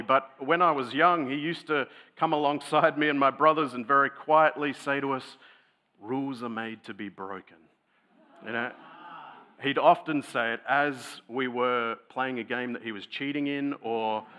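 A man's voice: mid-range voice, pushed and bright. A man preaching a sermon in a conversational, thoughtful teaching tone. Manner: conversational, thoughtful teaching tone with occasional light laughs.

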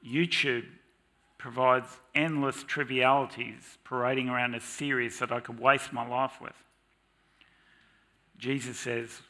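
Slow, gravelly man preaching a sermon. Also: medium pitch, steady tone, bright, forceful tone. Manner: earnest, confessional. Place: church with slides.

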